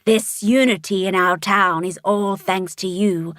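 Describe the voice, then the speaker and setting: A kindly female monster mayor, put on by a woman reading aloud, speaks with a low, growly rasp. She is unhurried and solemn, as if handing down something precious. It is a storybook voice, crisp and dry. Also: fairly even intonation, a bit bright, no room sound, lightly acted. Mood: gentle, solemn.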